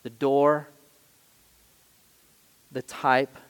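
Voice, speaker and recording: A man preaching a sermon as pastor, emphatic, swinging between loud stresses and quiet asides. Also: mid-range voice, level tone, extremely slow, smooth, big-room sound.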